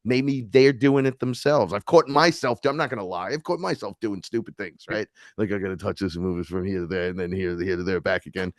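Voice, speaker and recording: NY male guest, low-pitched, lively storyteller, dry mic. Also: a little fast, hardly any pauses, dry recording. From New York City. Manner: animated storyteller acting out quoted voices. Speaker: podcast guest, neo-shaman. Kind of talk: casual chat.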